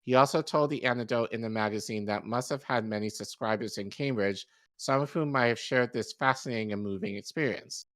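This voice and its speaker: A man co-hosting a podcast who reads an article aloud, with steady delivery and occasional stumbles and self-corrections. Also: mid-range voice, a little fast, no room sound. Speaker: podcast co-host.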